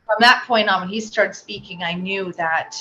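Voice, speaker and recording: A woman being interviewed, telling a personal story with animated delivery and acting out the voices she quotes. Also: medium pitch, normal speed. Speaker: interview guest. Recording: slightly dull audio with faint noise.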